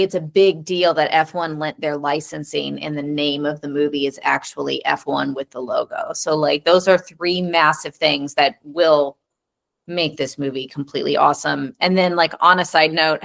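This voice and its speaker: Woman podcast cohost, keen, rattles off lists, fairly low voice. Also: gravelly, a bit bright. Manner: enthusiastic, listing items one after another. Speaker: podcast co-host. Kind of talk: casual chat.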